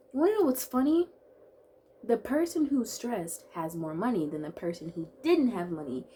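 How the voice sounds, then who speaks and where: A woman in her twenties vlogging in a chatty, bubbly way, full of quick asides and playful self-talk. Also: medium pitch, big pitch swings, dark tone, a little hiss or hum. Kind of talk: casual chat to camera.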